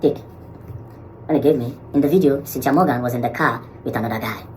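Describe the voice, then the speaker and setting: A man with a Nigerian accent telling a story in a vlog. He acts out the quoted dialogue in an animated way and mixes Pidgin into his English. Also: medium pitch, fast talker, slight background noise, rough recording. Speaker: social media commentator.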